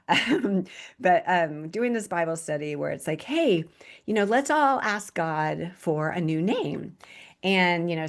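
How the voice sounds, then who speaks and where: A woman in her forties, a podcast host, telling her personal story in an earnest, slow and reflective way with frequent restarts. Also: sits low. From Texas, United States. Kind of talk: personal testimony monologue.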